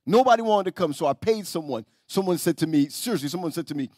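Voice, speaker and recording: A man pastor preaching a sermon in a church, telling stories, often repeating and restarting words, and swinging between soft and loud. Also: on the high side, lively intonation, fast talker, no echo, studio quality. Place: church sanctuary.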